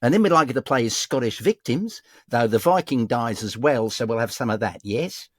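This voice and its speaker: Animated, theatrical man. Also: mid-range voice, brisk. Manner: rambling, theatrical, self-mocking. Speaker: voice actor guest. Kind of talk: casual interview chat, reading from his book.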